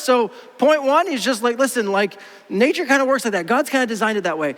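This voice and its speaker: A man in his thirties preaching a sermon in a casual, animated way, acting out quoted voices. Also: very high-pitched, brisk, few pauses. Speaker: pastor. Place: church auditorium. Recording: long hall reverb.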